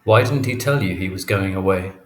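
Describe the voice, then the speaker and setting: A man's voice: low voice, fairly quick, lightly acted. A man reading a weary, guarded father, terse and wryly polite. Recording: echoey room, faint noise.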